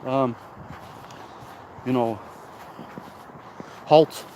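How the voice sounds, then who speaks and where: A man's voice: mid-range voice, steady tone, extremely slow, mellow. A man, walking outdoors and talking into a handheld phone, out of breath, rambling and blunt with casual swearing. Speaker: recovery vlogger. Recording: outdoor noise, wind and birds.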